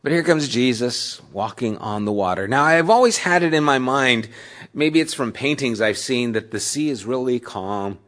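A pastor preaching a sermon in a conversational way, asking his listeners questions and swinging between loud emphasis and soft, low asides. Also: expressive, moderate pace. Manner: conversational, asks the audience questions.

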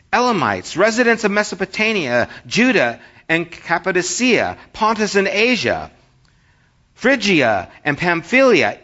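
A man's voice: high-pitched, sharp tone. An American man preaching a sermon in a conversational way, reading scripture aloud and telling funny stories. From United States. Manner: conversational, reads scripture and tells jokes. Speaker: pastor. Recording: dull lo-fi recording.

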